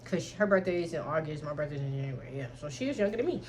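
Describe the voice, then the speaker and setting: A woman's voice: sits low, racing, slight background noise. Frank young woman telling a storytime. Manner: frank, slangy, animated, keeps addressing listeners as y'all. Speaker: storytime vlogger. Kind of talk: candid storytime.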